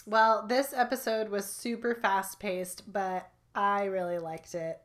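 A woman's voice: mid-range voice, fairly even intonation, slow. A woman in her thirties co-hosting a podcast in casual chat, talking loosely with lots of fillers and frequent laughs. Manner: chatty, laughs often, many "like" fillers. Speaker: podcast co-host.

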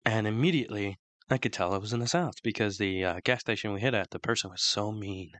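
A man co-hosting a podcast in casual, opinionated chat, rambling with many restarts, his throat still rough from flu. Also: fairly low pitch, quick pace, a bit bright, no room sound. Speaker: podcast co-host.

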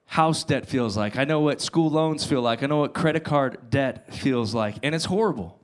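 A male pastor preaching to his congregation, retelling a parable with dramatic emphasis and quiet asides. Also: on the high side. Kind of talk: sermon.

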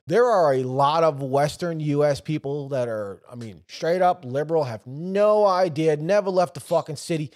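A man's voice: on the high side, normal speed, hardly any pauses. A man co-hosting a podcast in casual chat, rambling and swearing a lot. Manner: profane, rambling, animated storytelling. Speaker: podcast co-host.

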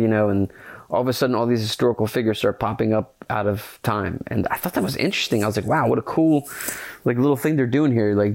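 Alone on his podcast, a man reviews a film in casual, rambling chat full of fillers, earnest and excitable, with casual swearing. His voice is lowish and gravelly.

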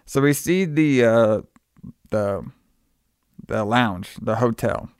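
A man's voice: mid-range voice, slow pace, clear, resonant tone, no echo, clean studio sound. A man on a podcast recapping a movie in casual chat, rambling and repeating words as he acts out bits of dialogue. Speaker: podcast co-host.

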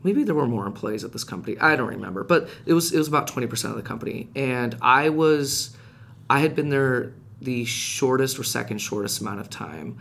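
A man telling a personal story in casual podcast chat, animated and rising in pitch when reliving heated moments. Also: fairly quick, vocal fry, a little hiss or hum. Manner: frequent restarts and fillers, conversational. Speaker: podcast guest.

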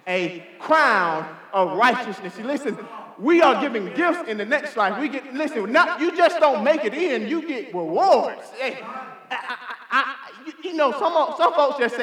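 An impassioned man preaches with a high-pitched voice, repeating phrases and swinging from loud declarations to hushed asides. The sound comes from a roomy hall with a long echo trailing after him. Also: expressive, normal speed. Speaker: pastor. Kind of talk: preaching a sermon. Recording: echoey hall with long reverb.

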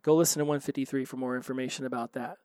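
A man's voice: medium pitch, steady tone, rapid-fire, mellow, no room sound, clean studio sound. A man hosting a solo recovery podcast, talking earnestly and animatedly, often repeating phrases for emphasis.

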